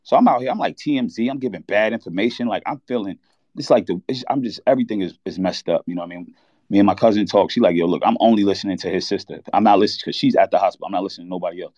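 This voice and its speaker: Man, deep voice, candid and halting, dull lo-fi sound, dry. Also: a little mellow, dry recording. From New York. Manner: candid, halting, reliving a loss. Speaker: podcast host. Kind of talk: emotional personal story on a sports talk show.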